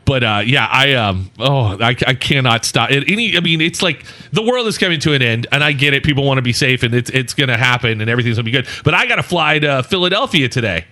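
A man co-hosting a casual podcast, talking excitedly and in a rambling way. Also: medium pitch, fast, few pauses. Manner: excitable, rambling, laughs along. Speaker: podcast co-host. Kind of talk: casual chat.

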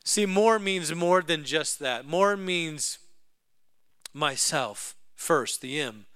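High, bright-voiced preacher telling a story. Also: male voice, expressive, slow pace, clean tone, no echo. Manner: acts out every voice in the story, swinging from loud to hushed. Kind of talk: storytelling sermon.

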